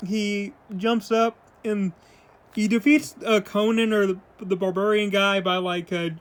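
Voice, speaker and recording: Casual male comic reviewer, high-pitched, loose rambling delivery, quotes the characters in his normal voice. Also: flat delivery, unhurried, clear, resonant tone. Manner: rambling retelling full of "like" and "uh"; paraphrases characters' lines in his own voice.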